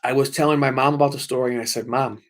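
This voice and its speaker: A man hosts a late-night livestream and tells a true ghost story. He talks intensely, repeats phrases for emphasis and swears freely. His voice sits at a middle pitch. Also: fairly even intonation, fast. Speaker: livestream host.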